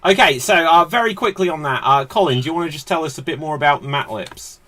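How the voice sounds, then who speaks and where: A man's voice: on the high side, quick pace, pushed and bright. A man hosting a live online improv comedy show over a video call, upbeat and laughing as he explains the games. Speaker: host.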